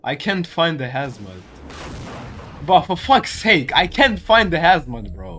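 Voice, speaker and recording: A man giving excitable, swear-filled commentary over his own gameplay, calling everyone "bro". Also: on the high side, measured pace, a little hiss or hum. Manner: excitable, swears often, constantly says "bro". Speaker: gaming video creator.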